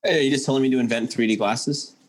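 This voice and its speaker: A man playing in a tabletop role-playing game, animated, describing his character's actions in first person. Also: mid-range voice, fast talker. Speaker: player.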